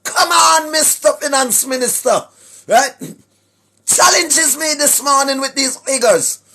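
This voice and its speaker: A man with a Jamaican accent preaching to online viewers in a sing-song, rhetorical way, often asking "right?" and clearing his throat. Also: extremely high pitch, slow, sharp tone. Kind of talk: preachy livestream address to viewers. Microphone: speaking straight to a camera or phone.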